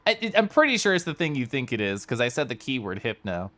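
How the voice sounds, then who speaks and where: A young man streaming a game, chatting casually with his viewers in a flowing, animated monologue and laughing often. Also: medium pitch, fast. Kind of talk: casual live-stream chat while gaming.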